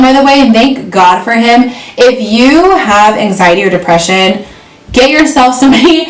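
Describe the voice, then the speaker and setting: A woman vlogger telling a personal story in a candid, earnest way. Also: medium pitch. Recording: roomy echo from far off, faint music.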